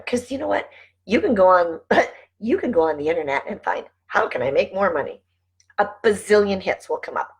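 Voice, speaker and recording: Chatty, husky middle-aged woman. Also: medium pitch, low-quality recording. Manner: chatty, laughs often, rambling asides. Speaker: vlogger and network marketing team leader. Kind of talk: casual chat to camera.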